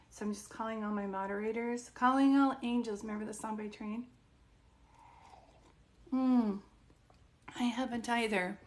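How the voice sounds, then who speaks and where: A woman psychic medium chatting casually and at length with viewers during a live stream. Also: fairly high pitch. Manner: chatty and rambling, talking straight to viewers.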